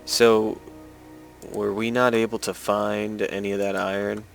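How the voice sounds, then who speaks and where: A man's voice: on the low side, level tone, unhurried, vocal fry, soft background music, rough recording. A man casually commenting while playing a role-playing game, offhand and sarcastic, with some swearing. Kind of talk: let's play commentary.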